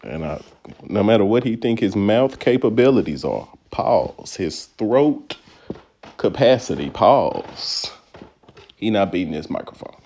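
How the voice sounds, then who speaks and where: A man's voice: lowish voice, sing-song, measured pace, darkish tone. A male stand-up comedian from Texas giving casual, playful, slangy commentary on his own set and laughing often. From Texas, USA.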